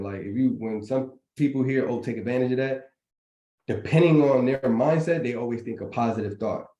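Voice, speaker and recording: A man's voice: mid-range voice, warm tone. A man hosting a live community chat, talking in a preachy, motivational, slangy way. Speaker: trading community host. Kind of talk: casual live group chat. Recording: roomy echo.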